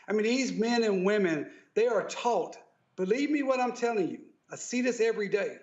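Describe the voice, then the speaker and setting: A lawyer speaking as a guest on a news talk panel, assured and emphatic. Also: male voice, sits high, moderate pace. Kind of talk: news talk show discussion. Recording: echoey, slightly dull remote audio.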